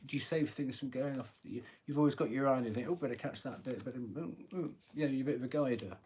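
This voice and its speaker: A man with a husky voice giving a live tarot reading, chatty and rambling, often clearing his throat. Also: mid-range voice, quick pace, darkish tone. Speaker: tarot reader.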